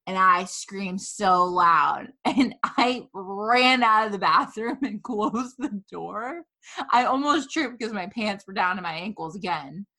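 Woman host, casual storyteller, dramatic and profane, bright, forceful voice. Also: medium pitch, animated, slow pace. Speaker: podcast host.

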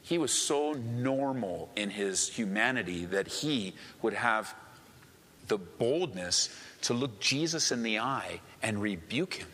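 A man's voice: lowish voice, lively intonation, slow pace, a bit bright, husky, in a large hall. A man preaching a sermon with earnest, emphatic repetition. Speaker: pastor.

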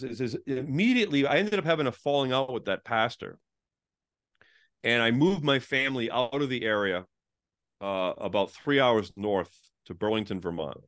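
A man's voice: medium pitch, a bit bright. A middle-aged man talking as an interview guest, a former pastor, in casual storytelling, saying "like" often and acting out the people he quotes. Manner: chatty, peppered with "like", acts out quoted dialogue.

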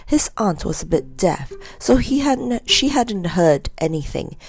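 A woman narrating a children's story in a gentle, measured reading. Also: medium pitch, big pitch swings.

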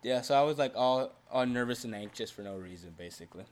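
A young man from Texas, co-hosting a podcast, telling stories in an animated way, swearing freely and laughing often. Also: mid-range voice, fast talker. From Texas, USA. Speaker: podcast co-host. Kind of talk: casual chat.

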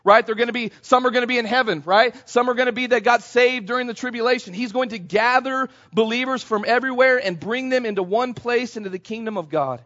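A male pastor preaching a sermon in a church, animated and calling out to the congregation. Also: very high voice, quick pace, hardly any pauses, highs cut off. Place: church sanctuary.

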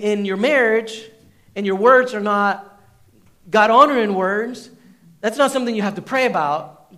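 High-voiced man preaching a sermon. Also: fairly bright tone. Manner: emphatic, repeats phrases for the congregation. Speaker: pastor. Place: church stage.

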